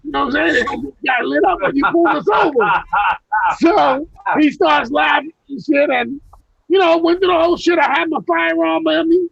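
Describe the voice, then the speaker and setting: A man's voice: very high-pitched, moderate pace, vocal fry, fairly bright tone, muffled recording. A man on a video call telling long, profane stories from his life, rambling with many restarts. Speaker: guest recounting personal stories. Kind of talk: casual chat on a video call. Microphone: video call mic.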